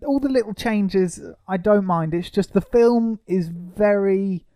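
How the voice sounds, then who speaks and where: Wry higher-voiced man reviewing films. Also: unhurried, warm tone. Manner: wry, sarcastic asides. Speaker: podcast co-host. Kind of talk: casual film review chat.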